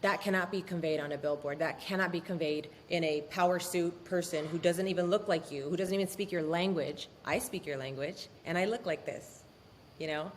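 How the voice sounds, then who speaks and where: A woman speaking as a guest in a casual interview, animated and candid, swearing freely. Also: fairly low pitch, a little fast, in a large hall, slight background noise. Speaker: law firm owner, podcast guest.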